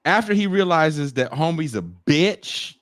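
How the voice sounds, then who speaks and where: A man co-hosting a casual podcast chat, reacting to a clip with loud laughs and profane jokes. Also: a little high, measured pace, no echo. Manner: animated, laughing often, profane, slips into mocking voices. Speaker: podcast co-host.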